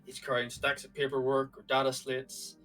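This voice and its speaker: A man narrating a tabletop game as game master, describing scenes in a steady way. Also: medium pitch, moderate pace, recorded from a distance, faint music behind.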